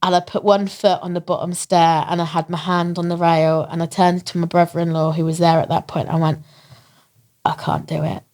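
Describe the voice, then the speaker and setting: Woman, from England, podcast guest, low voice, animated storytelling, laughs often. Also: brisk, few pauses. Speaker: interview guest, marathon runner. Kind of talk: emotional storytelling in a podcast interview.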